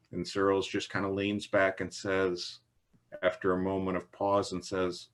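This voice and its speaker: A middle-aged man, a Jungian analyst being interviewed, speaking in a slow, reflective way and recounting case stories. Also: lowish voice, fairly even intonation, a bit bright. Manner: slow, reflective, storytelling with quoted dialogue. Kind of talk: thoughtful interview conversation.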